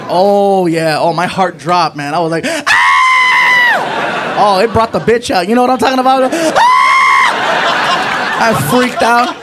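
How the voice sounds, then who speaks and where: A man doing stand-up comedy, telling a story in an animated, jokey way. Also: high voice. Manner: animated, jokey, acts out friends' voices.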